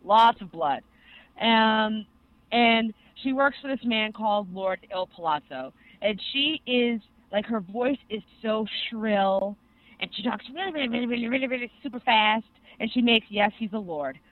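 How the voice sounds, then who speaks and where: A young adult co-host excitedly rambling through an anime recap in casual podcast chat, full of fillers. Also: mid-range voice, moderate pace, no echo. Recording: tinny phone-like sound.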